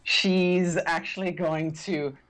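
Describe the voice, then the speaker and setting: A woman's voice: fairly low pitch, steady tone, slow pace. A woman playing a tabletop game, describing her moves in a hesitant way with many fillers. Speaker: player. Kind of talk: casual tabletop play.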